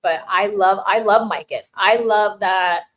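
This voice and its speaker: A woman's voice: mid-range voice, unhurried, poor audio. A woman hosting a casual live Q&A, laughing often and thanking viewers as she reads their messages, with many restarts and filler words. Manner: warmly thanks viewers reading chat. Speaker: livestream host answering chat. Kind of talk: casual chat.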